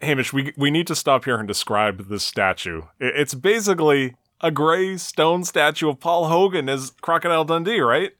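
A man's voice: a little high, moderate pace, few pauses, a bit bright, no echo. Dry-humored man recapping a cartoon. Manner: dry, wry recapping with a joking tone. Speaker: podcast host. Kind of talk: casual recap commentary.

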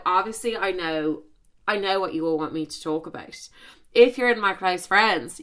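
A young woman hosts her podcast in a casual, gossipy chat. Her voice is bright and forward. She leans into dramatic emphasis and fires off rapid asides. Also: medium pitch. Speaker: podcast host.

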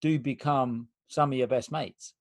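A man's voice: mid-range voice, fairly even intonation, measured pace. A man hosting a podcast, chatting casually and prompting his guest with short questions. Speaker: podcast host. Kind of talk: casual interview chat.

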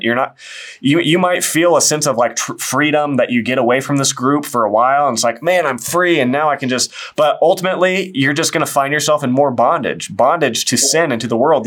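A man's voice: mid-range voice, fairly bright tone. A man hosting an interview, talking earnestly and encouragingly about faith, with many restarts. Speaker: interviewer, show host. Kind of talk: casual faith conversation.

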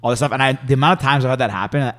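A man's voice: mid-range voice, racing, fairly bright tone. A man co-hosting a podcast, chatting casually and quoting himself and others as he tells a story. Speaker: podcast co-host.

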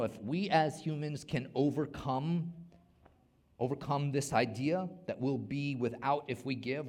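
Man, pastor, middle-aged, sermon, lively swings in volume, repeats words. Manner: animated preaching with big swings in loudness and pitch, repeats words.

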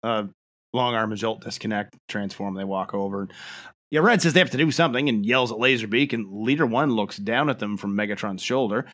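A man's voice: fairly low pitch, brisk, a bit bright. A man co-hosting a podcast, recapping a cartoon plot in laid-back casual chat with dry humor and chuckles. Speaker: podcast co-host.

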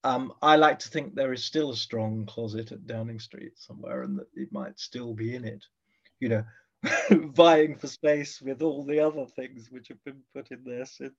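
A man's voice: medium pitch, expressive, moderate pace, muffled recording. A man answering interview questions as a guest historian, thoughtful and hesitant, with frequent fillers. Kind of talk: conversational interview.

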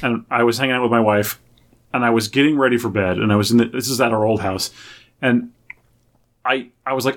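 A man's voice: medium pitch, fairly quick, pauses often. A man co-hosting a podcast, telling an anecdote expressively in casual chat. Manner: expressive, excitable storytelling. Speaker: podcast co-host.

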